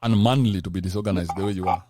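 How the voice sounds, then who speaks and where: Low-voiced male show host. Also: steady tone, rapid-fire, mellow, dry recording, clean studio sound. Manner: teasing, calls on speakers by name. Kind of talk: moderating a live audio discussion.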